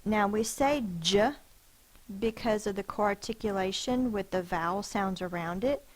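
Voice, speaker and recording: Woman, teacher, phonics lesson, slow deliberate pace, careful sounding out, mid pitch. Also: low-quality recording.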